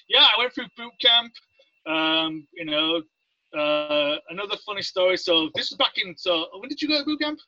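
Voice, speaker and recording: A man's voice: high voice, normal speed, no room sound. A man from Leeds with an English accent, telling stories as an interview guest and acting out the people he quotes. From Leeds, England. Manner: animated, acts out quoted voices. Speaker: guest, Navy veteran. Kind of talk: casual interview storytelling. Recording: dry, dull lo-fi sound.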